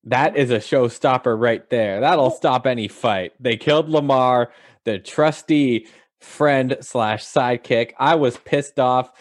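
A man co-hosts a casual chat podcast, joking and playfully defiant. His voice sits at an everyday pitch and the recording is dry and close. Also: slow, no echo. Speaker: podcast co-host.

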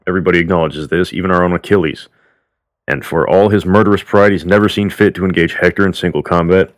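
A man's voice: sits low, steady tone, fast talker, dry recording, clean studio sound, lightly acted. A man voicing a blunt, plain-spoken king warning his brother. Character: blunt male king, protective older brother.

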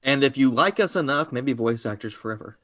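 A young man co-hosting a podcast, joking with dry, deadpan humor. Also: medium pitch, fairly quick, dry recording. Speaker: podcast co-host. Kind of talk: casual podcast banter.

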